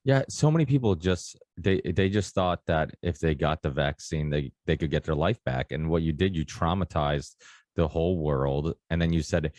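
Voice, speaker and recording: A man with a very deep voice hosts a podcast conversation. He speaks emphatically and asks one rhetorical question after another. The recording is dry with no room sound. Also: normal speed, darkish tone, dry recording. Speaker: podcast host. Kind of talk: casual interview conversation.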